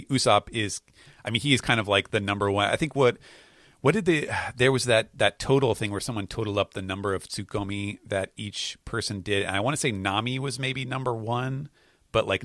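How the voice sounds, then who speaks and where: Hesitant man with a low, dry voice. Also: fairly bright tone, no echo. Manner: hesitant, many fillers and restarts while explaining. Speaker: podcast host. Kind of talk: casual chat recapping comics.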